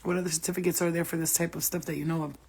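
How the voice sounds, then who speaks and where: A woman's voice: on the low side, flat delivery, very fast, darkish tone, slightly rough. A woman, a spiritual healer, rambling and swearing freely in casual chat with her viewers.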